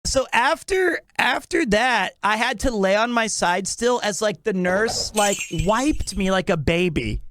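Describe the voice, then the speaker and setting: A man's voice: sits high, lively intonation, measured pace, few pauses, a bit bright, dry recording, clean studio sound. A man telling a comedic anecdote, acting out his own reactions with laughter. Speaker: podcast guest storyteller.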